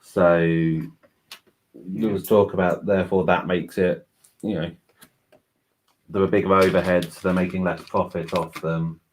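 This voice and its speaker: A co-host talks in a low-pitched, level voice at a measured pace, pausing often, on a home livestream with faint background noise. He chats casually while building and explains things at length, saying "you know" a great deal.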